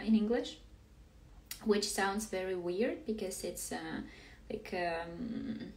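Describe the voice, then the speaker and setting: A young woman, a native Russian speaker, chatting casually on a live stream, hesitant, with many fillers and frequent laughs. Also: fairly low pitch. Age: young adult. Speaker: master's student. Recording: roomy room, mic at a distance.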